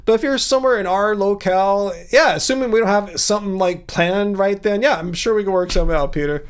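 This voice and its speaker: A man in his fifties hosting a casual livestream from a home music studio, with a sing-song baritone voice that leaps high to stress words. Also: fast, clear, resonant tone. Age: 50s. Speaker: livestream host.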